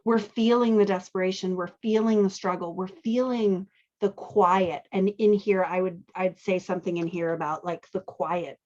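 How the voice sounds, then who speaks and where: This host and dialogue editor casually teaches dialogue while editing a manuscript on her show, thinking aloud and often tossing in "right?" She speaks at normal speed with a mid-range, steady, slightly mellow voice. The recording is muffled.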